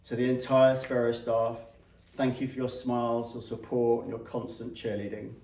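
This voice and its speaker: British man, earnest read speech, flat delivery, heard from a distance in an echoey room. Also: medium pitch, normal speed. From Britain. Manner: earnest, with light self-mocking laughs. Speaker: patient giving a graduation speech. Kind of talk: read-out thank-you speech. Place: clinic room with a small audience.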